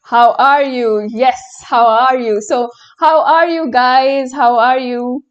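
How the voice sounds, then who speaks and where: A young woman whose first language is Hindi, teaching a live German lesson in English, answering the chat slowly and patiently with many fillers. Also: high-pitched, steady tone, clean tone, highs cut off.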